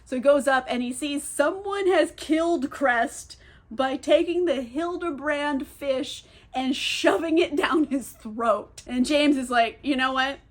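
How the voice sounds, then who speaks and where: A woman's voice: high voice, takes it slowly. A young woman recapping a novel in a candid, sarcastic way, with lots of fillers and casual swearing. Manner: chatty, filler-heavy storytelling. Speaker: book reviewer.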